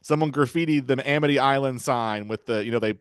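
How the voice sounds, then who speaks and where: A man's voice: medium pitch, fast, clear, resonant tone, dry recording, clean studio sound. A man hosting a podcast, retelling film scenes in a rambling, casual way with chuckles. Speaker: podcast host.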